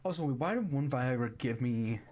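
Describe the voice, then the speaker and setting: A man's voice: mid-range voice, expressive, moderate pace, darkish tone, slight background noise. A young man streaming a rambling, sarcastic rant that is full of restarts and repeated words.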